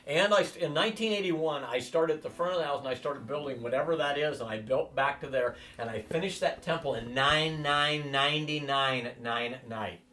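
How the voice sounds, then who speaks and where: A man's voice: on the high side, fairly quick, hardly any pauses, distant mic. Rambling storyteller man in his sixties. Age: 60s. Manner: animated, acts out quoted voices. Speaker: interviewee.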